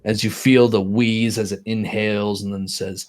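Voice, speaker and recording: Low-voiced man narrating as game master. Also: flat delivery. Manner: descriptive, halting, with many restarts.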